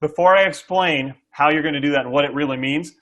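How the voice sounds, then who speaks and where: On a muffled recording, a middle-aged SaaS sales coach talks fast in a voice on the high side and a bit bright. He's a guest explaining sales tactics to an interviewer with energy, acting out buyer dialogue and often checking "okay?".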